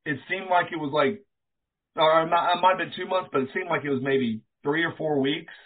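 Animated male storyteller on a tinny line. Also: a little high, brisk, breathy edge. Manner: animated storyteller, acts out quoted dialogue, swears casually. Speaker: interview guest, former pro wrestler. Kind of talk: casual storytelling interview.

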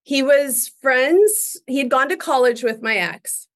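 A young woman chatting as an interview guest, telling animated stories and laughing often. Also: sits high, unhurried. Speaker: guest actress. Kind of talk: casual interview chat.

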